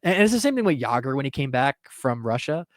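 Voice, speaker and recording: Male podcast host, animated banter, dry studio voice. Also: mid-range voice, dry recording. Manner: animated, laughs often, quick asides. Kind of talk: casual chat.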